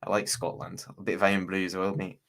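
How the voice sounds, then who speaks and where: A Bristol man chats casually as a guest on a video call livestream, full of slang, rambling and restarting often. He speaks fast in a low voice with a completely flat delivery, vocal fry and a bit of brightness.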